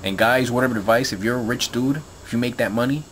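A man's voice: medium pitch, quick pace, a little hiss or hum. A man talking straight to his viewers in a heated, profane rant, rambling with lots of fillers and repeats. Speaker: video blogger. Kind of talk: angry profane rant to camera.

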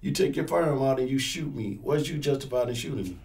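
Casual male instructor, mellow tone, animated storyteller. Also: mid-range voice, fast. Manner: animated, acts out scenarios in quoted voices. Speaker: firearms instructor and pastor. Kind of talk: casual interview talk.

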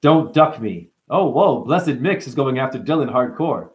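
A man's voice: mid-range voice, expressive, moderate pace. A man hosting a livestream, casually reading out chat comments and joking with viewers by name. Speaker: livestream host.

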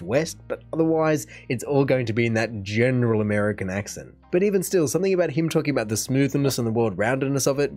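A man's voice: medium pitch, darkish tone. A young Australian man hosting a reaction video, thinking aloud in a rambling way with many restarts. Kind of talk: casual reaction commentary.

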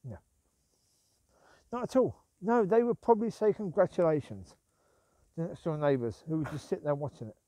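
A man's voice: on the high side, normal speed, pauses often, dark tone, no room sound. A man rambling as he walks his dogs outdoors at night, grumbling and repeating himself. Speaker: vlogger walking his dogs. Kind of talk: rambling walk-and-talk.

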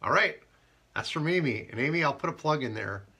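A man hosting a live haiku show, chatting casually and joking, and reading poems slowly. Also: fairly high pitch, animated, pushed and bright, slightly rough. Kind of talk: casual live-stream chat.

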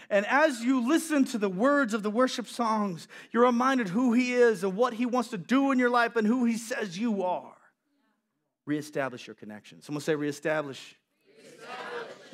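A young man preaching a sermon as a youth pastor, animated and acting out quotes and voices. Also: sits high.

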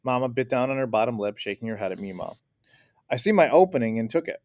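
A man reads a children's chapter book aloud with lively, expressive storytelling. His voice sits at a middle pitch, recorded close in a dry space. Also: quick pace, dry recording. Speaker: audiobook reader. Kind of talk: storybook narration.

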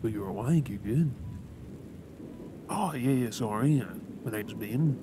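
A man with an Australian accent in a soft, whispered role-play, gently reassuring the listener with halting words. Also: mid-range voice. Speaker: ASMR creator. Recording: rain and thunder noise behind. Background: steady rain and thunderstorm.

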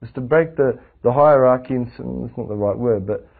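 A man, teaching a religious class with lively rhetorical questions to his students. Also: medium pitch, moderate pace, creaky. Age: 40s. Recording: tinny lo-fi lecture recording.

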